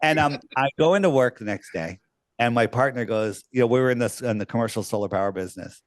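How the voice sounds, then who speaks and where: A man telling an animated story as an interview guest, acting out quoted voices and swearing casually. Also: mid-range voice, fast, no echo, studio quality.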